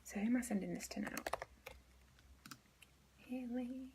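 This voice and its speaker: Woman, live-stream business coach, slow rambling chat, gravelly fry, faint hiss behind. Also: a little high. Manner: chatty, rambling with many fillers and half-whispered asides.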